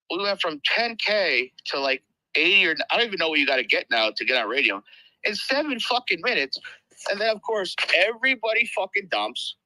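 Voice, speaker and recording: A man's voice: on the high side, pushed and bright, no echo, poor audio. Brash, swearing crypto hype man. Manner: brash, swearing constantly, boastful. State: half asleep, tired. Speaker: crypto project promoter. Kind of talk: loud profane hype on a live audio room.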